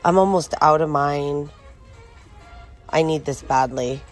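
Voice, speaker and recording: Woman, shopping vlog, slow easy pace, lowish voice, faint music behind, reads prices aloud. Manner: chatty, reads out prices and labels. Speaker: shopping vlogger. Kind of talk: casual store walkthrough narration. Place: inside a large retail store.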